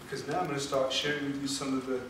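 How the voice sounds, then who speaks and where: A man tells an emotional personal story to a seminar audience, pausing for effect and putting questions to the room. His voice sits at an ordinary pitch and is picked up from a distance. The room is very echoey, with clear background noise. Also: level tone. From England. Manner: emotional, dramatic pauses, rhetorical questions to audience. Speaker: motivational speaker.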